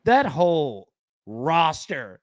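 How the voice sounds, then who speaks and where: A man hosting a live betting stream, talking in a fairly high voice into a dry, close microphone. He keeps things loose and jokey, laughing often between his picks and his film talk. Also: very animated, extremely slow, dry recording. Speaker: sports betting show host. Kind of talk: casual live-stream chat.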